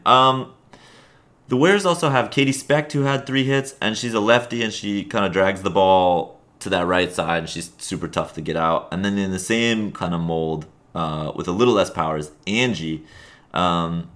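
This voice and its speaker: A man's voice: deep voice, moderate pace, a bit bright. A man co-hosting a podcast, chatting casually about a recreational league, rambling with fillers and chuckles. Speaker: podcast co-host. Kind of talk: casual sports chat.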